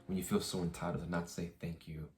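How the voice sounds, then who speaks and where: A young male vlogger with a deep, low, darkish voice vents casually to his camera, speaking fast in a level tone. He circles back, restarts sentences, and swears while retelling the story, with faint music underneath.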